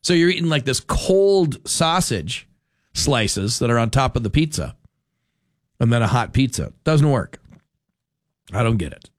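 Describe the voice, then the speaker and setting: A man's voice: mid-range voice, normal speed, dry recording, studio quality. A man hosting a talk radio show, rambling and correcting himself in casual chat. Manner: rambling, animated, self-correcting.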